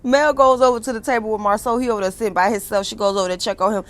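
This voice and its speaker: A woman's voice: medium pitch, fairly even intonation, racing, few pauses. Sassy woman. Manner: sassy, blunt, profane, laughs often. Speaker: reality TV recap host. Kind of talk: casual recap commentary.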